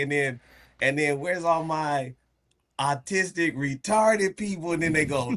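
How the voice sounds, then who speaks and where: Bright-voiced man in rambling chat. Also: a little high, expressive, a little slow. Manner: rambling, stop-start, laughs often, acts out quotes. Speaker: podcast host. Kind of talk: casual chat.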